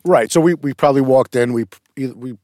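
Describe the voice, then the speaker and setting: A man's voice: medium pitch, normal speed, mellow, dry recording. A middle-aged man, an actor, telling rambling stories with restarts and casual swearing in an interview.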